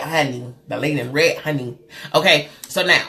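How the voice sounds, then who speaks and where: A woman hosts a live stream from her webcam, chatting with her viewers. Her voice sits a little low, but it jumps up and down a lot as she goes. She is lively and talky, and she calls people girl and honey. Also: moderate pace. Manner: loud, expressive swings in pitch. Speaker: live show host and therapist.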